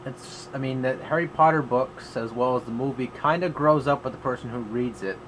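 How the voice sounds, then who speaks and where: A man's voice: medium pitch, brisk, background noise. A man giving a casual vlog movie review in a rambling, offhand way, with many fillers and restarts.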